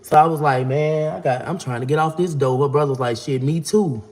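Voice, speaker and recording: A man's voice: on the high side, a little fast, a little mellow. Rambling man telling a story. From Florida. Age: 40s. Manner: profane, rambling, acts out quotes in a raised voice. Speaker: vlogger. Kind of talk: casual storytelling.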